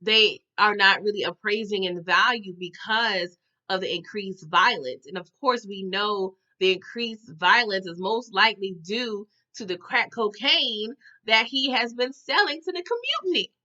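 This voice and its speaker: Bright, animated woman recapping a show. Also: mid-range voice, measured pace, muffled recording. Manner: animated, chatty, addresses viewers as y'all. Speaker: TV recap vlogger. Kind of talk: casual episode recap.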